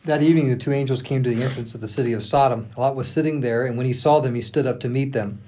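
A male pastor reading scripture aloud with earnest, expressive emphasis. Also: medium pitch, quick pace, a little hiss or hum.

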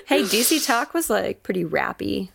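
A woman's voice: mid-range voice, sing-song, moderate pace, vocal fry, breathy edge. A woman co-hosting a podcast in casual, slangy, enthusiastic talk. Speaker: podcast co-host. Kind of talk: casual chat.

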